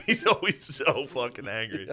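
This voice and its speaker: A man's voice: big pitch swings, unhurried, vocal fry, bright, forceful tone, slightly rough. Laughing man telling family stories. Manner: laughing storyteller who mimics his dad in a higher voice. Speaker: comedian co-host. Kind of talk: casual podcast chat.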